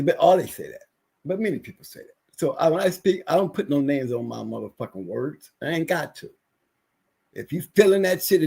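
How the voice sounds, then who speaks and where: High-voiced man ranting on a livestream. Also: gravelly, darkish tone, slightly rough. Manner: ranting, repetitive, emphatic. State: recovering from illness. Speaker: livestream guest. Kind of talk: casual livestream rant.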